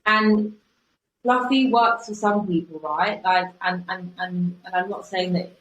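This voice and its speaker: A young woman from Bristol with a softened Bristolian accent, talking frankly as a podcast guest, with slang and many restarts. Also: lowish voice, steady tone, a little slow. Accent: softened Bristolian English. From Bristol, England. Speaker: guest, coach and content creator. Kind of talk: casual chat. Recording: roomy sound with faint background noise.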